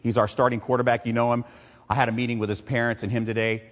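A man's voice: mid-range voice, flat delivery, fast talker. Preaching man in an echoing hall. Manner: swings from loud preaching to quiet storytelling. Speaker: pastor. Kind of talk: sermon. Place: church sanctuary. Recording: long reverb of a large hall.

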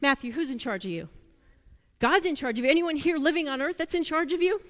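A woman leading a children's sermon, telling a Bible story in a playful, animated way and asking the children questions. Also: sits high, a little fast, in a large hall.

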